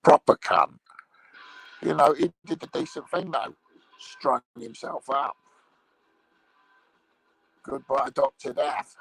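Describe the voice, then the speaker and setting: A man playing a crude male troll, delivering a rambling, swear-filled comedy monologue in a gravelly, husky voice. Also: medium pitch, slow pace, long pauses, fairly bright tone, exaggerated voice, poor audio.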